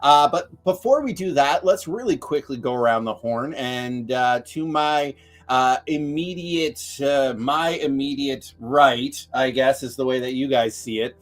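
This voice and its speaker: A man's voice: medium pitch, measured pace. An upbeat man hosting a live tabletop game stream as game master, talking casually with many filler words. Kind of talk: casual livestream chat.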